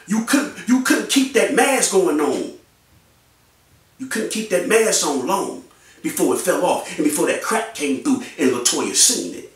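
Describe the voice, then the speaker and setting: Brief: fired-up male vlogger, AAVE, lively pitch swings, mic at a distance in a very echoey room. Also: a little slow. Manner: animated, repetitive, mocking. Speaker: YouTube commentator. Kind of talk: ranting commentary.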